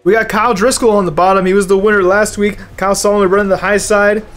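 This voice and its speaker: A young man giving live commentary on an online racing league while driving in it himself, casual and profane, loud and excited at big moments. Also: high voice, fast talker, faint music behind. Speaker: race commentator and streamer. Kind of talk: live esports race commentary.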